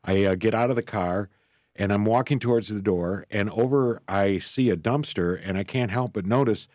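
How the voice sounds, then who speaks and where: A man's voice: lowish voice, moderate pace, a little mellow, dry recording, studio quality. A man guest telling a personal story in an interview, earnest and rambling, acting out the voices he quotes. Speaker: author and guest.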